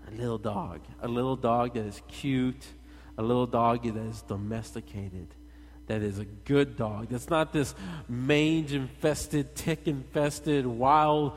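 A man's voice: mid-range voice, slight background noise. Conversational male preacher in a reverberant hall. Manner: animated, conversational, addresses the congregation directly. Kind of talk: sermon.

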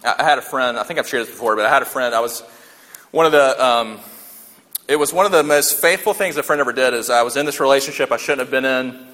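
A man's voice: medium pitch, quick pace, fairly bright tone. A man preaching a sermon in a conversational way, repeating key lines for emphasis and joking along the way. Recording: long hall reverb.

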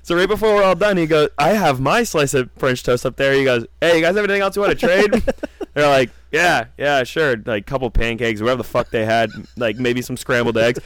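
A man's voice: medium pitch, moderate pace, no echo. A young man casually telling a story on a podcast, laughing often and swearing constantly.

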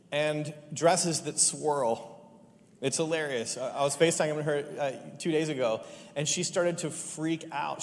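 A man preaching a sermon, telling funny family stories and pressing his point with lively emphasis. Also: fairly high pitch. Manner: lively, joking, rising to animated emphasis. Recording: long hall reverb.

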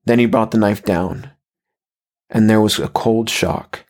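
A man reading a horror story as narrator, in a slow and measured way. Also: lowish voice, steady tone, darkish tone.

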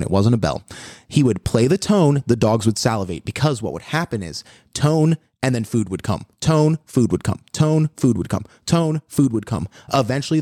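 A man's voice: medium pitch, warm tone, dry recording, clean studio sound. A man co-hosting a pet-advice show, explaining dog conditioning with enthusiasm in casual chat. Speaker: dog trainer, co-host.

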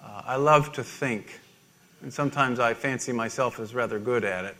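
A middle-aged man preaching a sermon, halting and self-deprecating, with many restarts and small laughs. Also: mid-range voice, bright, forceful tone. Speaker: pastor.

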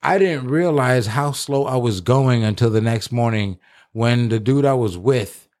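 A man's voice: mid-range voice, a little slow, darkish tone. A man holds forth on a casual podcast in an everyday mid-range voice. He tells a rambling story and swears constantly. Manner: profane, rambling anecdotes. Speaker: podcast co-host.

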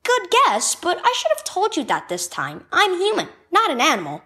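Gentle, encouraging female Sunday school teacher, read by a woman, high and lively storybook voice. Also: moderate pace, exaggerated voice.

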